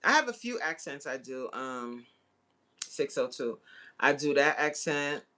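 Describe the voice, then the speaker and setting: A woman in her forties hosting a casual livestream and chatting with viewers. She is slangy and laughs often, with sudden jumps into high exclamations. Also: big pitch swings, a little slow, bright, forceful tone. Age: 40s. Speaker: livestream host. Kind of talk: casual live chat reading viewer comments.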